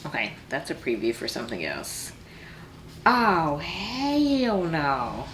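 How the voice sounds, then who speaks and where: A woman's voice: sits low, wildly swooping pitch, slow pace, a bit bright, slight background noise. A woman hosting a book vlog, chatting casually to camera with playful, exasperated humor and frequent laughter. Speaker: book vlogger host.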